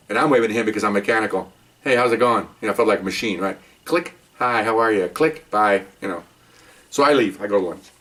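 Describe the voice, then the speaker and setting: Fast-talking older man, distant mic. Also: fairly low pitch. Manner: animated, emphatic, acts out quoted dialogue, keeps checking in with "okay?". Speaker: retired police officer telling stories. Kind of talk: casual storytelling.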